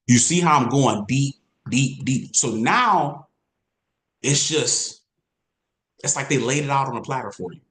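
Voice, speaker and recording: An energetic man gives a sales training talk to insurance agents, coaching them and repeating his points for emphasis. His voice sits in a middle pitch. The recording has a roomy echo. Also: a little slow.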